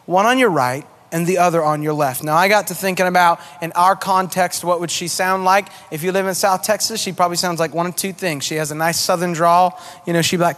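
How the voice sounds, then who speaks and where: A male pastor giving a sermon in a church, chatty, animated and self-deprecating, reading scripture and praying. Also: high voice. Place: church auditorium.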